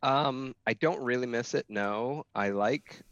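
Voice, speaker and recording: A man's voice: mid-range voice, slow, a bit bright, no echo. A man guesting on a podcast in casual chat, rambling with restarts and casual swearing. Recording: dull lo-fi audio.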